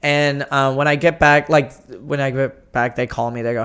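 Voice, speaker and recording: A young man chatting casually as a podcast guest, telling stories with lots of energy. He slips into the voices of the people he quotes, with the quick, loose delivery of a stand-up comedian. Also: medium pitch, smooth. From United States. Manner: animated storyteller, acts out quoted lines.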